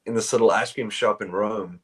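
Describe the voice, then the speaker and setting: A South African man who plays bass in a band answers interview questions by phone, rambling casually with lots of fillers and restarts. His tone stays steady and his pace is brisk, with a crowd audible behind him.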